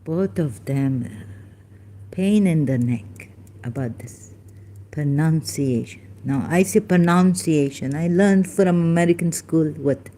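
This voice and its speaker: A woman's voice: low voice, takes it slowly, warm tone, a little hiss or hum. A woman, rambling through a personal story in a meandering, self-interrupting way and mimicking how people pronounce words. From Pakistan. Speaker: vlogger.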